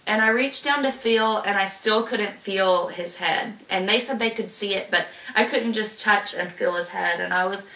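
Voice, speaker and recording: A woman's voice: medium pitch, moderate pace, hardly any pauses, bright, forceful tone, roomy sound, far from the mic. A young woman casually telling a long personal story, rambling with lots of fillers and restarts. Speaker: vlogger telling her birth story.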